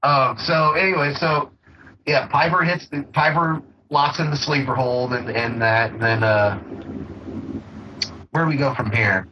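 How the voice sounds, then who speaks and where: A man's voice: mid-range voice, fairly even intonation, measured pace, highs cut off, background noise. A man co-hosting a podcast, chatting casually and profanely about a movie, laughing a lot and acting out quotes while recapping the plot. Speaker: podcast co-host. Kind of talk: casual movie review chat.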